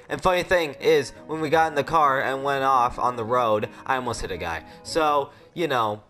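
A man's voice: mid-range voice, normal speed, few pauses, bright, forceful tone, soft background music. Crude, rambling male gaming host. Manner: crude, rambling, swears freely. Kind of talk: casual gameplay commentary.

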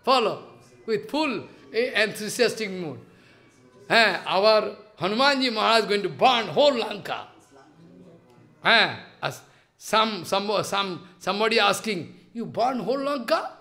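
A man's voice: sits high, expressive, measured pace, gravelly, pushed and bright. A man giving a devotional lecture, telling stories with repeated emphatic phrases and rising questions. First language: Bengali. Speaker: spiritual lecturer.

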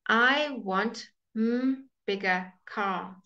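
A woman's voice: medium pitch, very slow, sharp tone, muffled recording. A woman teaching English grammar in a live online class, explaining patiently and checking in with "okay?".

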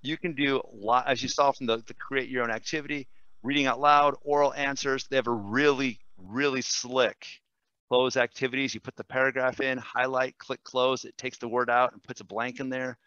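A man, a language teacher, demonstrating software in a webinar, enthusiastic and quick, with fillers and self-corrections. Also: medium pitch, steady tone, clear, resonant tone, no echo, lo-fi sound. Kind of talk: screen-share webinar demo.

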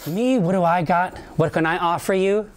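A man's voice: high-pitched, moderate pace, clear, resonant tone, lightly acted. A man playing a boastful male wrestler who brags about crushing butlers, delivering a grandiose promo. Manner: grandiose wrestling promo, regal then loud.

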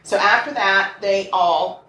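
A woman's voice: mid-range voice, slow pace, pushed and bright. A woman co-hosting a podcast, telling a true crime story in casual chat, reading quotes aloud with sarcastic asides. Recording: echoey room, mic at a distance, faint noise.

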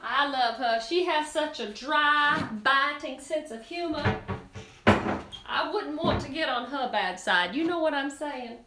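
A woman's voice: sits high, lively intonation, takes it slowly, echoey room, noisy background. A woman hosting a live cooking demonstration, chatty and bubbly as she talks straight to her viewers in a kitchen. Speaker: cooking show host.

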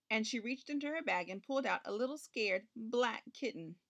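A woman reading a children's picture book aloud, narrating gently and lifting her voice for the characters' lines. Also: on the high side, animated, normal speed, gravelly. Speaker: storybook reader.

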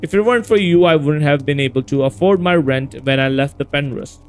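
A man's voice: on the high side, a little fast, smooth, soft background music, natural voice. A man voicing a frightened young male former asylum patient in a horror game, reading his lines in an anxious, confessional way. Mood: grateful.

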